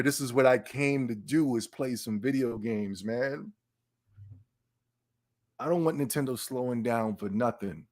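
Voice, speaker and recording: A man hosting a casual livestream podcast, excitable and stammering, talking to his live chat. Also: mid-range voice. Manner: animated, excitable, repeats and stammers. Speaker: podcast host.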